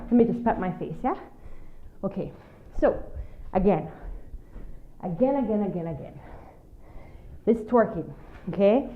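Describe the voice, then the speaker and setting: A woman teaching a dance move, coaching and counting beats as she dances, a little out of breath. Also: on the high side. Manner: upbeat, coaching, counts beats while dancing; slightly out of breath from dancing. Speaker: dance instructor. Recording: tinny, phone-like sound in an echoey room.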